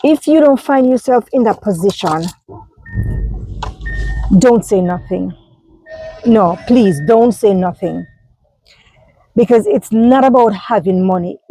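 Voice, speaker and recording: A woman's voice: mid-range voice, takes it slowly, pauses often, warm tone, breathy edge, low-quality recording. Emphatic Jamaican woman vlogging in a car. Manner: emphatic, repetitive, many fillers. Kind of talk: casual vlog talk. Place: inside a parked car. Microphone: phone held in hand.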